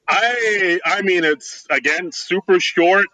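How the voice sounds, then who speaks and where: A man co-hosting a casual podcast, talking loosely and haltingly with lots of "like" and "dude". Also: high-pitched, pushed and bright, no room sound, poor audio. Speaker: podcast co-host.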